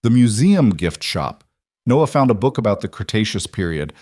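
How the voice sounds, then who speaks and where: Man doing a calm earnest dad, low voice, reassuring, dry close sound. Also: normal speed, no echo. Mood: eager. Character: powerful man, gentle, earnest father.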